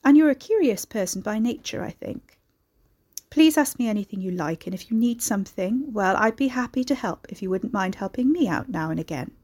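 A woman's voice: mid-range voice, lively intonation, a little fast, a little mellow, breathy edge. A woman reading aloud, putting on a shrewd, calculating older hostess with a faintly affected, probing manner. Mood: coaxing.

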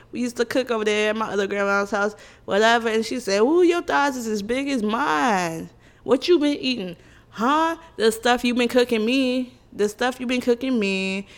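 A young woman vlogger telling funny stories about her family in a casual chat. She is animated and blunt, with exclamations, laughs and cursing. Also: a little high. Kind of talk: casual comedic storytelling to camera.

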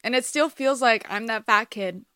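An eighteen-year-old woman hosts a confessional podcast. Her voice is bright and a touch high, recorded dry and close. She talks candidly, swears freely, and swings from quiet reflection to sudden emphasis. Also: moderate pace, clean tone, no room sound. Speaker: podcast host. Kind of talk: personal confessional monologue.

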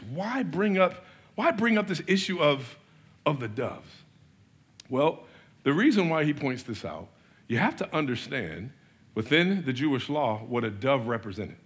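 A man preaching a lively sermon in a husky, slightly raised voice. He fires off rhetorical questions and swings from punchy emphasis to near-quiet asides. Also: fairly high pitch, moderate pace. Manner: animated, with rhetorical questions and big swings in loudness. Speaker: pastor.

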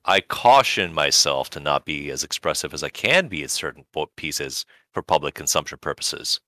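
A man's voice: a bass voice, big pitch swings, moderate pace, pushed and bright, no echo. A man co-hosting a casual podcast, wry, with formal phrasing and dry jokes. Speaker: podcast co-host. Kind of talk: casual chat.

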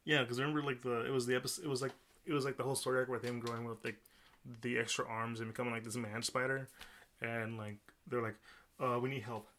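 A man's voice: mid-range voice, little pitch movement, fast, fairly bright tone. A man co-hosting a casual podcast, rambling and often restarting his sentences. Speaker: podcast co-host. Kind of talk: casual chat.

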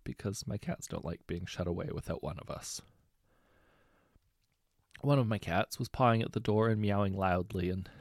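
A man reading short anecdotes aloud in a relaxed, conversational way, correcting himself now and then. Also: fairly low pitch, creaky, no room sound, studio quality. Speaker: story narrator.

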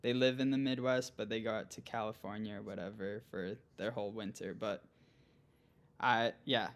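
A young man from Minnesota, a guest on a podcast, talking casually and relaxed, laughing easily. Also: lowish voice, normal speed. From central Minnesota, US. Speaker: guest, pro cyclist. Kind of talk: casual interview chat.

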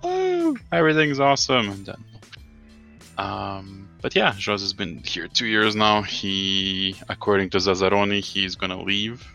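A man's voice: deep voice, level tone, a little slow, vocal fry, pushed and bright, faint music behind. A man co-hosting a casual football podcast, ranting in an exasperated way and swearing often. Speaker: podcast co-host.

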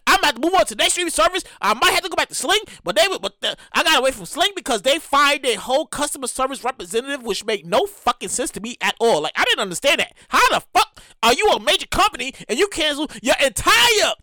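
Woman host, high bright voice, swoops up and down, swears and stutters through a comic rant. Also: sing-song, fast talker, no echo, studio quality. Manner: emphatic, profane, repeats herself with stammering restarts. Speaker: show host.

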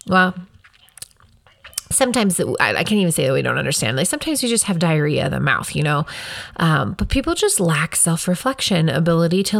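A woman hosting a podcast, telling stories in a casual, animated way and acting out quoted people in a higher voice. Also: gravelly. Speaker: podcast host. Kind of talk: casual storytelling monologue.

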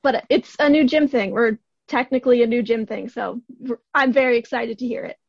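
A young woman co-hosts a fan podcast with a high, playful voice. She banters easily and sometimes runs quickly through mock legal disclaimers. Her mic sounds dry and somewhat muffled. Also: creaky, no room sound. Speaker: podcast co-host. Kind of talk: casual podcast chat.

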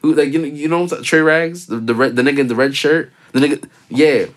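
Fast-talking young man telling profane stories. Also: a little high. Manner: profane, animated storytelling with put-on quoted voices. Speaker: podcast host. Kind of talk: casual chat.

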